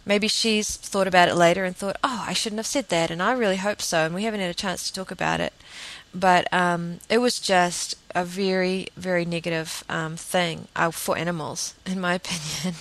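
A woman's voice: lowish voice, steady tone, moderate pace, fairly bright tone, poor audio. A middle-aged woman talking earnestly to camera in a casual monologue, rambling and repeating herself for emphasis. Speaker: vegan vlogger.

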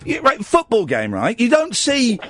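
A man's voice: very high voice, wildly swooping pitch, normal speed, a bit bright, no echo, studio quality. A man hosting a late-night radio phone-in, jokey and rambling with stammering restarts.

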